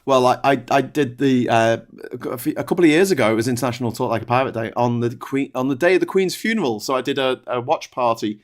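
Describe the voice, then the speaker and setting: A man's voice: mid-range voice, quick pace. A man with a Liverpool accent co-hosting a casual political chat, rambling with fillers as he reads out viewer messages. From Liverpool, England. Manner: chatty, rambling, lots of fillers and restarts. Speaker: podcast co-host. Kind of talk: casual political chat, reading super chats.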